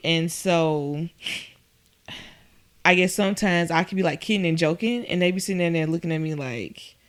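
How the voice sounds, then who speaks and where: A young adult woman chatting casually and telling stories from her working life, acting out what others said. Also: normal speed. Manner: storytelling, quotes people in a higher voice. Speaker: guest. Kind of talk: casual chat.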